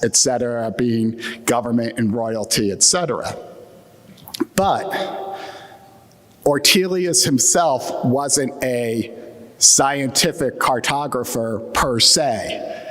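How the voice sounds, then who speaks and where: A man's voice: medium pitch, a bit bright. Wry man with a Mid-Atlantic accent. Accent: Atlantic Midland American. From United States. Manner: wry, joking, with fillers. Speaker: keynote speaker. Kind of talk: conference keynote talk. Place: large conference hall. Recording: long hall reverb.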